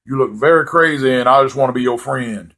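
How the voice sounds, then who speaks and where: A man's voice: mid-range voice, a little fast, fairly bright tone. A comedian imitating an overly courteous man holding a store door open. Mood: eager. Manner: overly courteous, eager to please. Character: eager polite male stranger at a store door.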